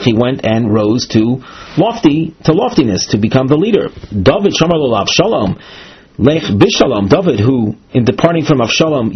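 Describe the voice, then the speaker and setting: A man with giving a Talmud lesson, reading each phrase and then explaining it with many halting "uh" pauses. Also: mid-range voice, husky. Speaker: Talmud teacher. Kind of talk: text study lesson, reading and translating. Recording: dull lo-fi recording.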